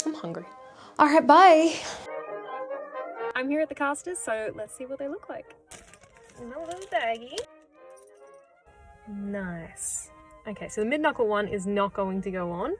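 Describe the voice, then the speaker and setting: Aussie woman rambling to her camera, self-deprecating vlog chat, soft music behind. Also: a little high. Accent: Australian. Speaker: jewellery maker and vlogger. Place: home jewellery studio.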